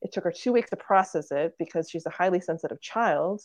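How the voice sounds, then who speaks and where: A woman's voice: fairly low pitch, a little fast, a little mellow, no echo. A woman in her thirties, a podcast guest, earnestly telling a family story in casual conversation and acting out what relatives said. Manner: earnest storytelling, acts out quoted family members.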